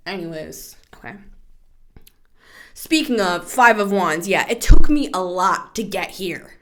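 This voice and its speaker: A woman in her thirties hosting a tarot podcast, talking in a casual, chatty way, animated, laughing and swearing freely. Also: medium pitch, measured pace. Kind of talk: casual spoken tarot reading.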